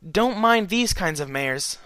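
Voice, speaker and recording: A man doing a quiet, sensible young mare. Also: sits high, a little slow, clean tone, pitched above the performer's own voice, exaggerated voice. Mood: reassuring. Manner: calm, soft-spoken.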